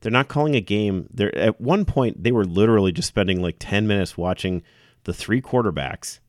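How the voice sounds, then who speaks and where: A low-pitched man talking football in a relaxed co-host chat. He is opinionated, laughs easily and restarts sentences. The sound is dry and close. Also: normal speed, no room sound. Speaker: podcast co-host. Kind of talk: casual sports chat.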